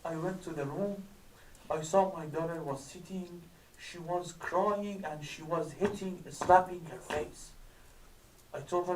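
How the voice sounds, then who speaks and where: A man telling a tearful story at a religious gathering, his voice rising higher and louder as the story builds. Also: measured pace, echoey room, far from the mic, a little hiss or hum, low-quality recording. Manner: grows louder, higher and crying-like as the story peaks. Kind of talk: emotional story sermon. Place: mosque hall.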